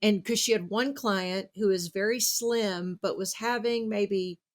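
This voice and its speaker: A woman's voice: medium pitch, a little slow. A woman hosting a podcast, chatting casually and retelling a book with enthusiasm. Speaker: podcast host. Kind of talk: casual conversational interview.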